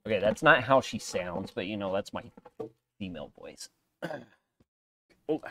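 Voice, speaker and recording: A man's voice: fairly low pitch, expressive, unhurried, a bit bright, a little hiss or hum. A man chatting casually while streaming a game from his unfinished basement, laughing often and joking at himself. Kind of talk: casual live-stream chat.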